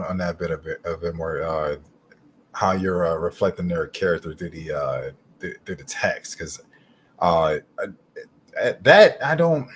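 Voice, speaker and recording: Brief: male host, very low voice, halting questions, faint background noise. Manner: halting, many fillers. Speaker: podcast host. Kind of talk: casual interview chat.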